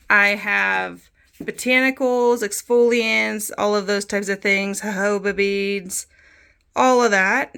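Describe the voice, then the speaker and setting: Showing off her home soap studio, a soap maker in her thirties chats casually and a bit breathlessly, running through items with easy laughter. Her mid-range voice is gravelly, bright, and forceful, with a clean tone.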